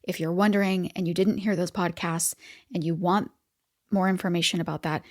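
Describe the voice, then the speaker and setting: A woman's voice: fairly low pitch, fairly even intonation, a little fast, a little mellow. Chatty woman podcast host, laughing often. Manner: conversational, laughs often, many fillers. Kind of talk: casual motivational talk.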